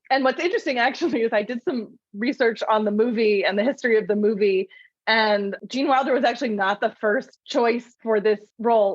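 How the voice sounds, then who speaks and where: Woman, podcast host, lively storyteller, dry close sound. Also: mid-range voice, no echo, lo-fi sound. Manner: lively trivia storytelling with frequent laughs. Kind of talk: casual podcast chat.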